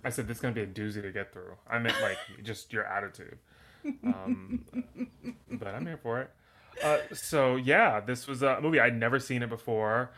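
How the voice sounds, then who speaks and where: A man's voice: medium pitch, big pitch swings, normal speed, bright, forceful tone. A man co-hosting a podcast, chatting casually and joking, with lots of fillers like "like" and "um". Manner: rambling, filler-heavy, joking. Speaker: podcast co-host. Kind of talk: casual chat.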